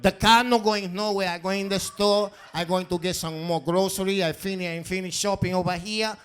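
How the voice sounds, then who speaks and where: A woman's voice: medium pitch, fairly even intonation, a little fast, clear, resonant tone, natural voice. A man on a comedy stage putting on a tiny, stubborn old Latina woman who speaks broken English with a Spanish accent and stands her ground. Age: older. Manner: broken English, defiant, menacing.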